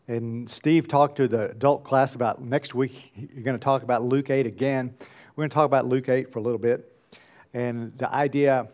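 A man's voice: medium pitch, darkish tone. A man preaching a sermon who chuckles often and acts out little bits of dialogue as he goes. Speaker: pastor.

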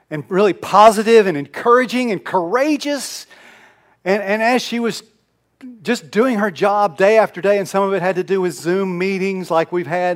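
A man with a fairly high voice delivers a sermon as a pastor, telling stories in an easy conversational way. He presses some phrases loudly, then sinks to a hushed, almost whispered tone. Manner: conversational storytelling, swings from loud emphasis to hushed near-whisper.

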